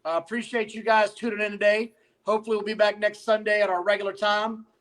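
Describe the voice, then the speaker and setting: A man co-hosting a podcast, chatting in a relaxed, laid-back way. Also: high-pitched, fast talker. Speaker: podcast co-host. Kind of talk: casual chat.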